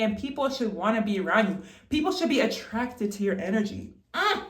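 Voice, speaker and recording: A woman's voice: medium pitch, fairly bright tone, echoey room. A young woman in a casual vlog, emphatically giving advice straight to the viewer while getting ready at home. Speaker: vlogger.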